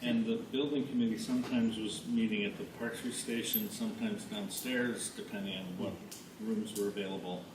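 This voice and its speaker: A man with a somewhat low voice talks practically about scheduling, with the odd dry sarcastic remark. He is heard from a distance in an echoey room under heavy hiss. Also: steady tone, moderate pace. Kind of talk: casual committee meeting talk.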